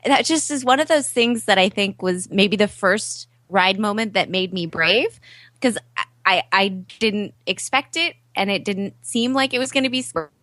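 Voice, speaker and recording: Woman on a podcast telling a lively story, laughs between bits, dry close mic. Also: medium pitch, normal speed, dry recording. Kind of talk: casual podcast chat.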